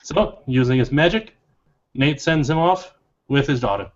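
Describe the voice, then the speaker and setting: A man's voice: mid-range voice, moderate pace. A man with a folksy, drawling manner telling a long joke during a tabletop game. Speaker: player. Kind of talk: storytelling a joke in character. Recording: dull lo-fi recording.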